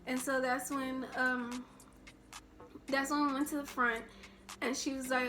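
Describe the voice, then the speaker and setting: A woman's voice: high voice, level tone, unhurried, pauses often, sharp tone, soft background music. A young woman telling a personal story in a casual storytime vlog, rambling and full of restarts. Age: young adult. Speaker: vlogger.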